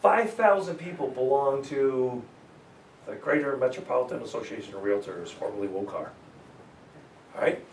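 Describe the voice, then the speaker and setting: A man teaching a real estate sales seminar to a live audience, energetic and joking, often laughing at his own stories. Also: medium pitch, moderate pace, a little hiss or hum. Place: meeting room with a live audience. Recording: echoey room, mic far off.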